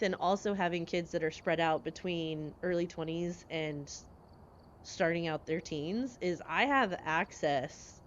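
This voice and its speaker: A woman in her forties chatting casually with her live-stream viewers, lively and quick to laugh as she answers chat. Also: on the low side, lo-fi sound, slight background noise.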